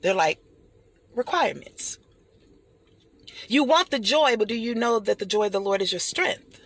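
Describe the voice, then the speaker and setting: A middle-aged woman giving an animated motivational talk, speaking like a preacher and calling her listeners honey and y'all. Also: mid-range voice, moderate pace.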